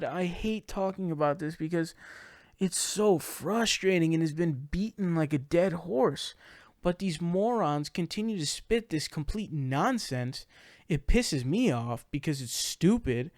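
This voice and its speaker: A man's voice: on the high side, measured pace, a little mellow, no room sound, studio quality. A man giving casual political reaction commentary, ranting in exasperation with frequent swearing.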